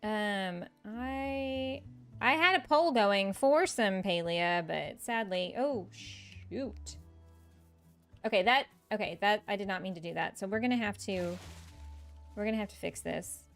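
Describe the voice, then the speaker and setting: Faint music plays behind a woman whose medium-pitched voice has a fairly bright tone and a slightly slow pace. She's a live streamer making casual gameplay chatter with viewers, joking at her own expense and laughing frequently.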